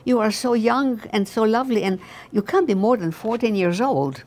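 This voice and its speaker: An elderly woman voicing an earnest, anxious young male guard who speaks softly and apologetically. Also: a little high, lively intonation, moderate pace, voice pushed up. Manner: soft, pleading, apologetic.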